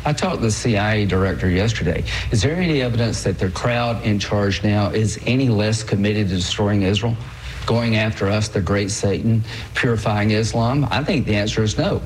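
A senator answering in a television interview in a firm, rhetorical way. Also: male voice, on the low side, moderate pace, a little hiss or hum, low-quality recording.

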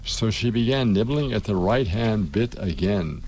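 A man's voice: on the low side, lively intonation, darkish tone, slight background noise. A man hosting a radio show, narrating a children's classic and chatting loosely between pieces with many fillers. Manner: unhurried, folksy, with fillers. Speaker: radio host and reader. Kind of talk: storybook narration and radio chat.

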